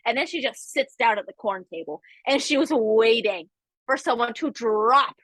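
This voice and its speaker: High, lively woman telling a story. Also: normal speed, dry recording, low-quality recording. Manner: animated, chatty, with frequent asides. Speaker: podcast co-host. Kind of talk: casual chat, storytelling.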